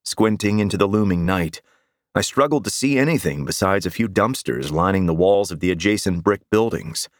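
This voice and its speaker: A male audiobook narrator with a lowish voice, telling a first-person story in a wry, deadpan way. The sound is close and dry, with no room echo. He keeps an even, scripted storytelling delivery. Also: moderate pace.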